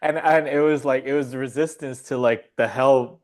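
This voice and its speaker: A man chats as a podcast guest, spinning a loose story with frequent laughs and casual swearing. His voice sits in a mid pitch, and he talks in an easy, rambling way. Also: fairly even intonation, normal speed, a little mellow.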